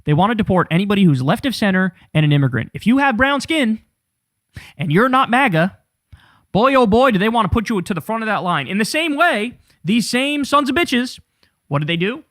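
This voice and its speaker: A man hosting casual political commentary, talking to viewers in an animated, profane, incredulous way. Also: sits high, brisk, dry recording, clean studio sound.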